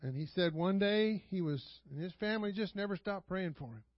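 A pastor with a high voice delivers a brisk, animated sermon in a church sanctuary, spinning casual stories, firing rhetorical questions at the people and chuckling frequently. The audio is lo-fi, dull and dry, with no echo from the room.

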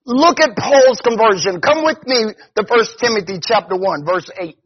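A man's voice: high-pitched, animated, moderate pace, husky. A man preaching a conversational sermon as pastor, often stopping to ask "see?". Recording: dull lo-fi recording.

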